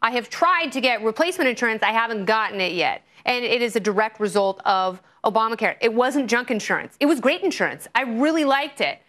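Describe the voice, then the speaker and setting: A woman's voice: fairly high pitch, animated, brisk, few pauses, fairly bright tone. A woman hosting a TV panel show, flippant and joking as she moderates. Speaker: talk show host.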